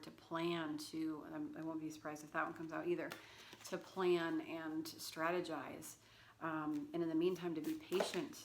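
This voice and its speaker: Chatty woman w a low voice rambling thru a tarot reading, lots of ums and likes, bit of hiss. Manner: chatty, rambling, full of fillers and asides; talks baby talk to her cat. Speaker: tarot reader. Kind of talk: casual tarot reading vlog.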